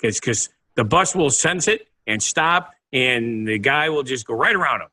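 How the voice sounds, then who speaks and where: A man's voice: mid-range voice, lively intonation, moderate pace, sharp tone. A man co-hosting a casual talk show, answering with short, dry quips. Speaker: podcast co-host. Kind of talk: casual chat.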